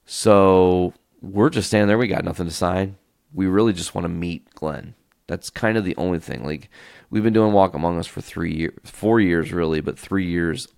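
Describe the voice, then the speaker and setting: Deep gravelly podcast host telling stories. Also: male voice, no room sound, clean studio sound. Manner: animated, tells stories by acting out quoted voices; casual and loose, swears freely. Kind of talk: casual solo storytelling.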